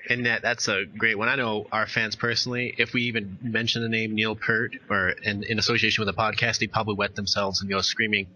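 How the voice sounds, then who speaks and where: A man's voice: on the low side, level tone, a little fast, few pauses, sharp tone, slight background noise, poor audio. A man hosting a podcast, asking questions in a laid-back, joking way. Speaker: podcast host. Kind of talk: casual podcast interview.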